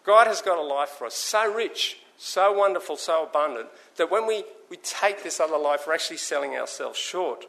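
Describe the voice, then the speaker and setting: Bright-voiced man preaching a lively sermon. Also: on the high side, normal speed, creaky, hardly any pauses. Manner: animated storytelling, acts out the voices in his stories.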